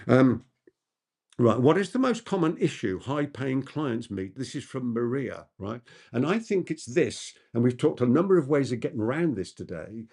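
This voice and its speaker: A man's voice: mid-range voice, sing-song, normal speed, gravelly, a little mellow. A man who is a business coach, answering audience questions in an emphatic masterclass talk and repeating key points for effect.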